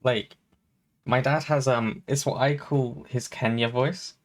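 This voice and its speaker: Male podcast co-host, casual and rambling, mid-range pitch, heavy on fillers. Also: fairly even intonation, slow. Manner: rambling, many fillers and restarts. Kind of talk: casual chat.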